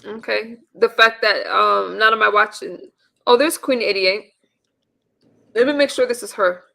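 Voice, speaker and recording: Woman host for a live chat stream; gravelly, bright tone, rambling and chatty. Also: medium pitch, unhurried. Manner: chatty, rambling with many restarts. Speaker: livestream host.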